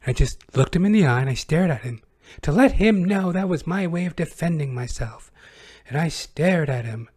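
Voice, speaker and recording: A man doing a halting, mocking high woman's voice. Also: animated, darkish tone, breathy edge. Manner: halting, hesitant, full of ums. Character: mocking impression of a soft-spoken woman.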